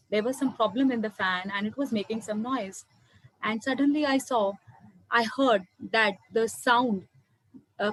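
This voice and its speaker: A woman's voice: on the high side, low-quality recording. A woman, sharing a personal spiritual testimony in an earnest way and often addressing her listeners as friends. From India. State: emotional. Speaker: meditation speaker. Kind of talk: personal testimony to an online audience.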